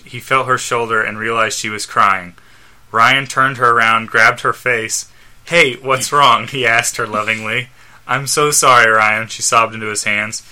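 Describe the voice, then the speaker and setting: A man on a casual podcast reading fan fiction aloud, halting and stumbling over lines and laughing at the text. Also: mid-range voice, pushed and bright. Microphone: studio microphone.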